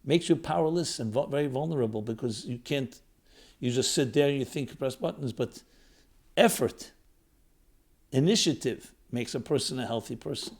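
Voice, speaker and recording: A rabbi and lecturer gives a reflective spiritual talk, building his points through strings of short phrases whose emphasis rises and falls. His voice is medium-pitched and moves at a normal speed.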